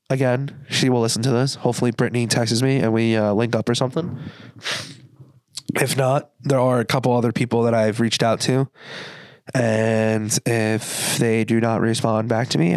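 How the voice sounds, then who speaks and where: A man's voice: medium pitch, fairly even intonation, moderate pace, a little mellow, no room sound. A young man hosting his own podcast, telling a story in a casual, earnest way and acting out what people said. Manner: earnest storytelling, acts out quoted dialogue. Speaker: podcast host. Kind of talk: casual solo podcast monologue.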